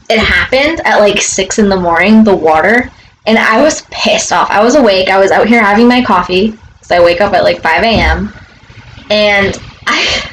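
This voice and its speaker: A woman's voice: medium pitch, fairly bright tone, slight background noise, low-quality recording. A young woman vlogger telling a casual story outside her front door, rambling with many fillers and swearing.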